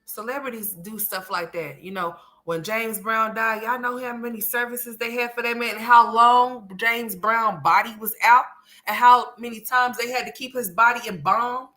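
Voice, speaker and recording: A woman hosting a casual livestream, talking to her chat and calling viewers honey and sweetheart, by turns loud and animated, then soft. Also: a little high, moderate pace. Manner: chatty and emphatic, calls viewers honey and sweetheart; swings between loud animated bursts and soft murmurs. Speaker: livestream commentary host.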